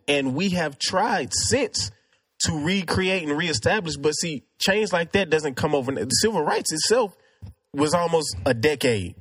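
Male, casual debater, earnest and argumentative, slightly higher pitch. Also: expressive, moderate pace, fairly bright tone, slightly rough. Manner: earnest, argumentative, many restarts. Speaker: discussion participant.

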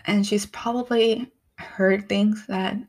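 Young woman, candid vlogger, unhurried delivery, emotional and soft-spoken. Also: mid-range voice, fairly even intonation. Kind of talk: reflective personal vlog.

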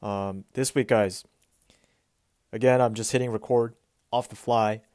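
A man hosting his own weekly podcast, telling a story in a relaxed, rambling way with fillers and restarts. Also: fairly low pitch, a little slow, no echo, clean studio sound. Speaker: podcast host. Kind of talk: casual solo podcast storytelling. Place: Pacific Northwest US.

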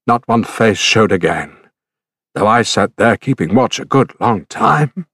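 Male reader voicing a frightened, grieving soldier: shaken and pleading, low register, dry studio sound. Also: lively intonation, measured pace, a bit bright, husky, no echo, full character voice. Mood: shaken report.

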